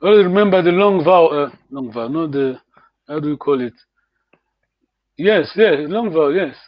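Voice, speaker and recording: A man's voice: fairly high pitch, expressive, moderate pace, dry recording, highs cut off. A man teaching a language class online, patiently correcting his students' pronunciation.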